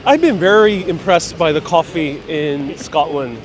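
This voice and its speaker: A man's voice: a little high, unhurried, few pauses. Chatty man live-streaming on a city walk. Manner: relaxed, chatty, thinks aloud with fillers. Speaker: live-stream travel vlogger. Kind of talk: casual walking live stream, reading viewer comments. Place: city streets outdoors. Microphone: phone held while walking. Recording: outdoor street noise. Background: street noise and traffic.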